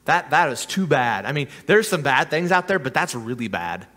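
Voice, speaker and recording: A man's voice: medium pitch, expressive, moderate pace, hardly any pauses, fairly bright tone, long reverb tail. A man preaching as a pastor in a church sanctuary, earnest and often repeating or restarting his words. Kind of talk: sermon.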